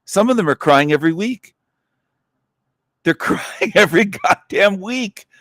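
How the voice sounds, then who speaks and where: A man's voice: high-pitched, animated, unhurried, fairly bright tone, no room sound. A man hosting a livestream in a blunt, profane angry rant, with scornful laughs scattered through it. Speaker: livestream host.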